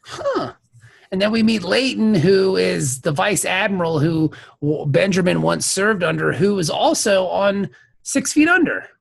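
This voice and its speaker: A man's voice: sits high, expressive, measured pace, gravelly, husky. A man co-hosting a casual podcast chat, joking crudely and laughing often. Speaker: podcast co-host.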